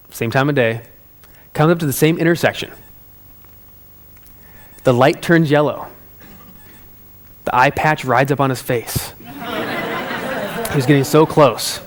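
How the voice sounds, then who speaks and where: A man giving a motivational talk, telling a story in an animated, conversational way and speaking directly to his listeners. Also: mid-range voice.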